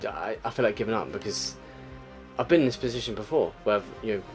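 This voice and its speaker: A man's voice: fairly low pitch, quick pace, faint music behind. Frustrated young man commentating gameplay. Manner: frustrated, exclamatory, swings between muttering and outbursts. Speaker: gaming YouTuber.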